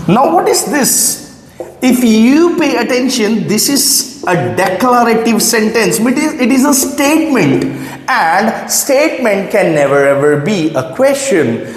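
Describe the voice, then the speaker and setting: A man's voice: high-pitched, big pitch swings, slow. A man teaching an English grammar lesson, writing on a board and often checking in with his listeners. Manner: checks in often with the listener, repeats key phrases; writes on a board while explaining. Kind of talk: classroom-style grammar lesson. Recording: echoey room with long reverb.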